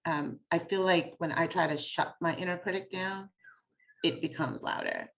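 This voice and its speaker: A woman's voice: fairly low pitch, steady tone, normal speed. Chatty woman author over dull audio. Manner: chatty, peppered with fillers. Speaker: author guest. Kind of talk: casual conversation.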